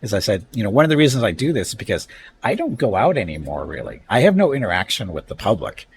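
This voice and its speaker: Low-voiced rambling streamer man. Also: wildly swooping pitch, quick pace, a little hiss or hum. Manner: rambling, conversational storytelling. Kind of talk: casual live-stream chat.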